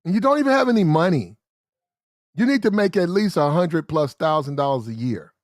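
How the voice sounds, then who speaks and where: A man delivers opinionated commentary in a blunt, slang-heavy way and circles back to repeat his points. His voice sits a little high for a man. The recording is close and dry, with no room sound. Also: expressive, fairly quick, dry recording. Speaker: commentary show host.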